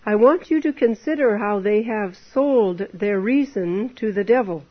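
Speaking somewhat slowly, this woman's mid-range voice carries a sincere temperance sermon peppered with rhetorical questions aimed at her listeners. The audio is dull and low fidelity.

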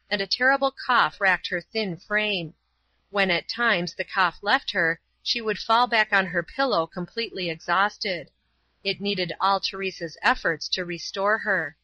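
A woman reading a novel chapter aloud in an even, measured narration. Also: medium pitch, no echo, lo-fi sound. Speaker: audiobook reader. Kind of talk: scripted narration.

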